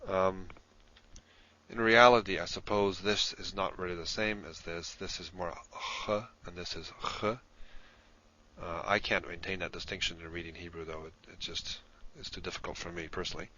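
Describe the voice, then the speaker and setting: A deep, low-pitched man talks through a lesson at an unhurried, measured pace. His tone is bright and forceful, though the audio sounds dull and lo-fi. He pauses often with ums as he explains. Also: steady tone, a little hiss or hum. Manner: slow, deliberate, explanatory with frequent ums. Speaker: Hebrew course narrator. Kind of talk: recorded lesson narration.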